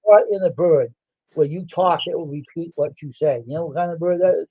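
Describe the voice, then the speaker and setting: A man's voice: fairly high pitch, a little fast, mellow, slightly rough, no echo. Rambling storyteller man, dull lo-fi. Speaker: livestream host. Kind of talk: casual storytelling.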